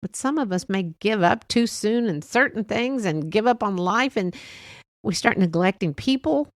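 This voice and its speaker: A middle-aged woman hosting a faith-based motivational talk, speaking in a gentle, reassuring and chatty way with soft laughs. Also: mid-range voice, lively intonation, normal speed, dry recording, studio quality. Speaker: podcast host.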